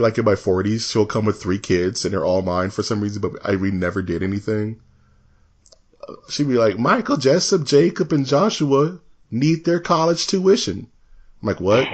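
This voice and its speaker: A man co-hosting a podcast in casual chat, animated and laughing often, slipping into mock voices when he tells a story. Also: lowish voice. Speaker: podcast co-host.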